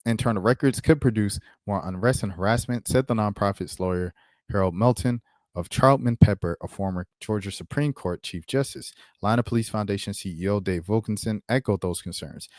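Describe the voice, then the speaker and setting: A man with a fairly low voice runs his own channel, reading news reports aloud and breaking in with loose, offhand remarks. His delivery is casual and conversational, and the recording is dry and close. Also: darkish tone, dry recording. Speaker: channel host.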